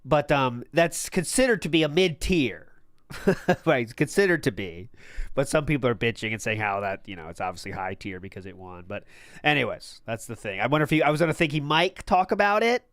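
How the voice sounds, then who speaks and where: A man's voice: medium pitch, very animated, fairly quick, fairly bright tone, no echo, clean studio sound. A man hosting a live watch-party stream, chatting casually with sarcastic, profane asides and frequent laughs.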